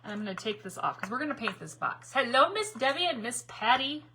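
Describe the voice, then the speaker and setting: A woman's voice: a little high, sing-song, a little fast, background noise. A middle-aged woman hosting a live crafting stream, chatting bubbly with viewers, rambling and laughing often. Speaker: craft livestream host.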